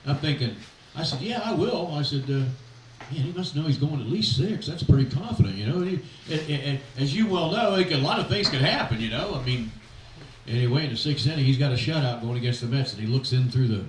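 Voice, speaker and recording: A man's voice: medium pitch, slight background noise. An older man, a retired coach, telling folksy anecdotes at an event, with many fillers and acted-out quotes. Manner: folksy anecdotes, quoting others in animated voices, halting fillers. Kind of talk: after-dinner storytelling speech. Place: event hall. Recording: echoey hall, mic heard from a distance.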